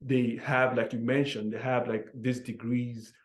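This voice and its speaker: A man interviews a guest, talking in an animated way with restarts and frequent "like". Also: medium pitch, unhurried. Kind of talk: conversational interview. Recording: echoey room.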